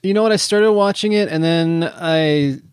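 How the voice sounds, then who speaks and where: Bright-voiced man in casual podcast chat. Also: on the high side, normal speed, clean tone, dry recording, clean studio sound. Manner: chatty, repeats words when he restarts. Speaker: podcast co-host.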